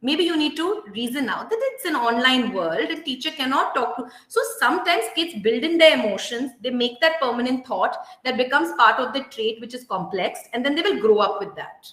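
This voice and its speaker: A woman with an Indian English accent giving an earnest, emphatic workshop talk on parenting to parents and teachers, slowing down to stress key points. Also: high-pitched, lively intonation, a bit bright. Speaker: parenting educator. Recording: roomy echo.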